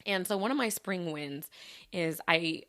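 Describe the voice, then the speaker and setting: A woman's voice: on the low side, unhurried, a bit bright. A young woman hosting a solo podcast, chatting in a bubbly, upbeat way and laughing often. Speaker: podcast host. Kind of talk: casual solo podcast chat.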